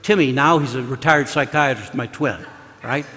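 A man's voice: medium pitch, moderate pace, bright, forceful tone. A man in his seventies from Kansas City, a priest telling folksy stories in a conversational sermon, often saying "you know". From Kansas City, USA. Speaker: priest giving a parish mission. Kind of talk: storytelling sermon. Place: large church. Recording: reverberant church hall.

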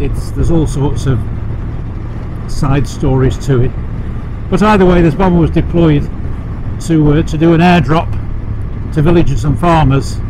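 Middle-aged english guy chatting from his motorbike, voice a bit high, road noise all around. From England. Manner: rambling, warm storytelling with many fillers and restarts. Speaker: motorcycle vlogger. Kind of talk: casual ride narration. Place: outdoors riding a motorcycle sidecar on country roads. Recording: road and engine noise behind.

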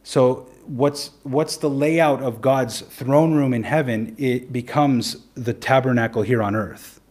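Earnestly preaching, a man who is a pastor puts rhetorical questions to his congregation and slows down on the key points. He speaks in a mid-range, darkish voice.

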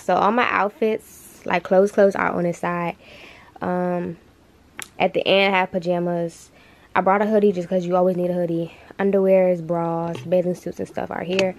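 A young adult woman with a mid-range voice chats casually to her tripod-mounted camera as she packs indoors in her bedroom, with slight background noise. This vlogger is playful and talkative, often laughing and using slang.

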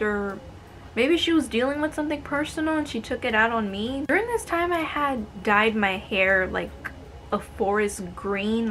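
Over slight background noise, a twenty-something American woman narrates stories from her retail job in a casual, sarcastic, exasperated manner. Her pitch is fairly high and her tone fairly bright.

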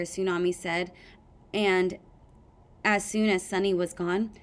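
A woman narrating a novel aloud as an audiobook reader, with steady storytelling. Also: lowish voice, slow, pauses often.

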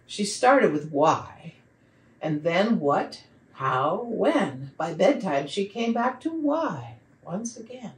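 A woman facilitating a children's program, reading poems and a picture book aloud with expressive delivery. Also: mid-range voice, slow pace. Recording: roomy sound from a distant mic.

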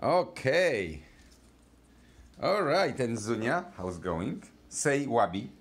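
Low-voiced woman hosting a family vlog. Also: sing-song, takes it slowly. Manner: upbeat, coaxing questions to kids. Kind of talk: casual chat with children.

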